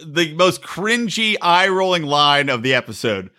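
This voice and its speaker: A man's voice: fairly high pitch, sing-song, a little slow, bright, forceful tone. A man co-hosting a podcast, ranting profanely about a reality show in casual chat and laughing often. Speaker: podcast co-host.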